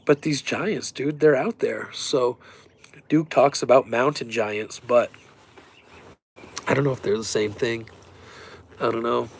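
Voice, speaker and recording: A man talks to his camera in a loose, rambling monologue, cursing freely and growing excitable as he spins conspiracy talk. His voice has a gravelly edge and a husky grain. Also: mid-range voice, measured pace, pauses often. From Colorado, USA. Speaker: vlogger.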